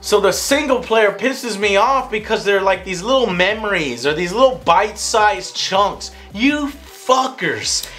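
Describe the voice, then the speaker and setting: Excitable young man ranting, high voice. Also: normal speed, hardly any pauses, soft background music. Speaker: game reviewer co-host. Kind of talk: casual review chat.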